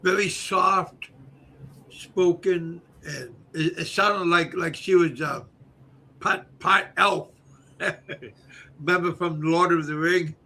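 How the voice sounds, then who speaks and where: An older man hosting his own channel, chatting casually in a halting way, repeating words and pausing on fillers. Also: a little high, fairly even intonation, vocal fry, pushed and bright. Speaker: channel host. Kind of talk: casual livestream chat.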